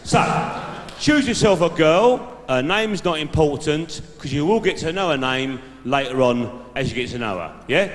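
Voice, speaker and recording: A man's voice: fairly high pitch, lively intonation, normal speed, a little hiss or hum. A man doing a stand-up act as a brash, laddish bloke giving dating tips to a live audience. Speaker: stand-up comedian. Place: large live venue stage. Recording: echoey hall from the stage mic.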